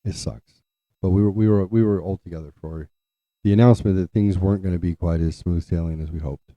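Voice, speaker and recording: A man's voice: low-pitched, steady tone, fast talker, no room sound. A man telling a personal family story in a rambling way, often restarting his sentences. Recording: dull lo-fi, dry.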